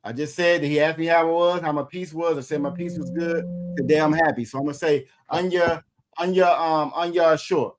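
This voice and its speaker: Man, slightly high voice, casual language lesson, repetitive, many fillers. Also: fairly even intonation, fairly quick. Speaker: Hebrew language teacher.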